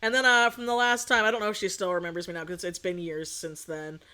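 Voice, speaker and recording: A woman's voice: fairly low pitch, little pitch movement, fast, sharp tone. A young adult woman streaming as a VTuber, chatting casually and rambling, swearing freely and laughing often. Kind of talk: casual chat.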